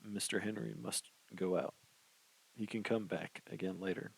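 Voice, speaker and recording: किताब पढ़ता एक आदमी एक सख़्त डॉक्टर के छोटे आदेश पढ़ रहा है।. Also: male voice, fairly low pitch, steady tone, normal speed, creaky, slightly rough, rough recording. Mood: firm. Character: stern hospital doctor, man. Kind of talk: audiobook reading.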